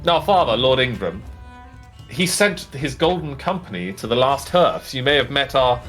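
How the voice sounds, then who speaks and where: A man's voice: mid-range voice, very animated, moderate pace, a bit bright, faint music behind, pitched above the performer's own voice. A man voicing a proud, boastful bearded dwarf heir who declaims grandly.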